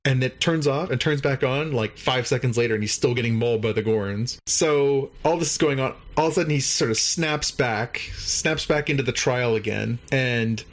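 A man casually recapping a show episode, rambling and animated, with many fillers. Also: mid-range voice, normal speed, few pauses.

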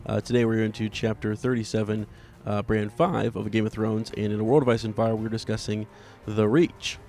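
A man co-hosting a book club podcast, hoarse from a cold and losing his voice, talking casually with fillers and throat clearing. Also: fairly low pitch, level tone, fairly quick, darkish tone, soft background music. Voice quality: gravelly. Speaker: podcast co-host.

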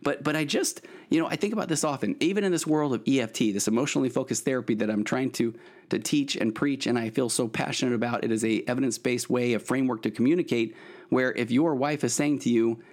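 A man's voice: mid-range voice, quick pace, a little mellow. A middle-aged man, a therapist hosting his podcast, giving earnest advice in a rambling way with many restarts. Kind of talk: solo podcast monologue, advice.

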